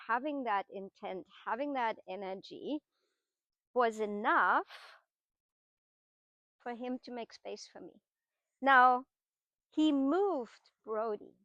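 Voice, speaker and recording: Casting note: middle-aged woman, horse trainer, patient teaching tone, slightly high voice, dry close sound. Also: fairly bright tone, no echo, muffled recording. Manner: patient, explanatory, with frequent tag questions. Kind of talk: explanatory teaching talk while working horses.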